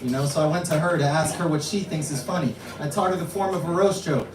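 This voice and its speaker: A young man from New York doing a stand-up set at an open mic, deadpan and self-mocking. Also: fairly high pitch, fast, background noise. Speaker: stand-up comedian. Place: small comedy club, live audience. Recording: echoey room, distant mic, loud crowd.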